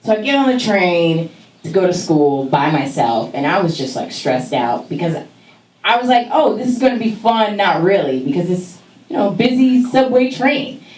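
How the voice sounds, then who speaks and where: Animated woman telling a story on stage. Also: normal speed, roomy sound, far from the mic, poor audio. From California. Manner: animated, laughing, acts out voices with big pitch jumps. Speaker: stand-up comic telling a story. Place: stage in a small venue.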